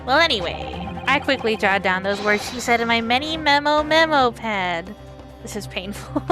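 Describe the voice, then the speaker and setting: A woman's voice: on the high side, lively intonation, unhurried. A woman streamer making casual, wry asides with laughs while playing a game. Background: game music.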